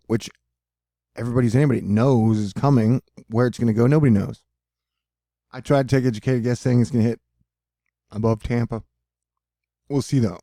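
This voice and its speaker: A man at medium pitch with a warm tone hosts his own weather and space video, rambling casually over weather maps with profanity and jokes and often losing his train of thought. The recording is clean studio sound without echo.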